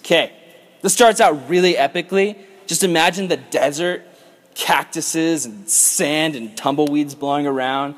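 A man teaching a Bible study to young people in a loose, chatty way. He is animated and uses "like" constantly. His voice sits a little high for a man. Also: moderate pace. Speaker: youth pastor leading a Bible study.

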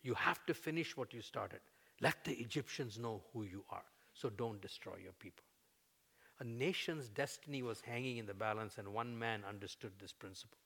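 Bright-voiced man preaching with rising intensity. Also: lowish voice, moderate pace, vocal fry, breathy edge. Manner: builds to loud, emphatic peaks when voicing prayers; fillers and restarts, conversational teaching. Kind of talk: sermon.

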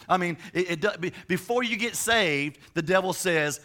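A young male pastor tells stories from the pulpit, often stumbling and restarting his sentences. His voice is bright and sits a little high, and his delivery is informal and conversational. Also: normal speed, hardly any pauses. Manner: chatty storytelling with many restarts. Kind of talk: sermon.

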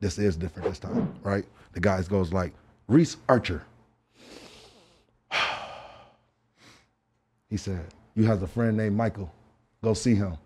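A man guest on a podcast, telling a story in an animated, profane way and acting out what he said to himself. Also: fairly low pitch, measured pace, long pauses, slightly rough. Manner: excitable, profane, talks to himself in acted asides. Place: podcast studio.

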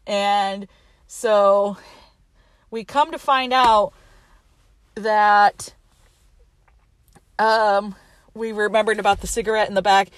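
A woman's voice: mid-range voice, no room sound. A young woman casually retelling a movie plot, chatty and laughing often, acting out the characters' lines.

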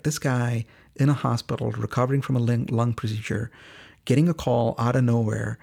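A man narrates a story on his podcast in an earnest, halting way. His voice has a gravelly edge and sits at an ordinary middle pitch. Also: darkish tone. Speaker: podcast host and phone bank organizer.

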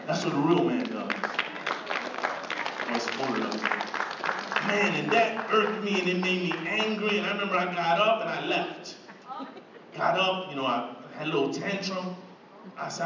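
A man's voice: on the high side, fairly quick, crowd noise, background noise. A man preaching a sermon, telling his own story in a conversational way and building to fervent praise. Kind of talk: sermon testimony. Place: church sanctuary. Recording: echoey hall from far off, muffled.

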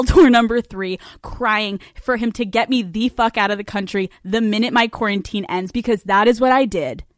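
A woman's voice: fairly high pitch, dry recording, clean studio sound. Brash, profane woman podcast host. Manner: brash, profane, self-mocking storytelling. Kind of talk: casual comic monologue. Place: hotel room. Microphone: studio microphone.

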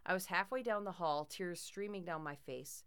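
A woman's voice: fairly low pitch, moderate pace, a bit bright, clean tone. A woman narrating a first-person horror story in a tense, dramatic way.

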